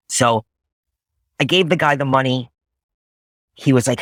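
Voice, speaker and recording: A man's voice: mid-range voice, expressive, normal speed, pauses often, fairly bright tone, no echo. A young man telling his recovery story to a group, swearing bluntly and acting out old conversations as he speaks. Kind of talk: candid personal testimony in a group.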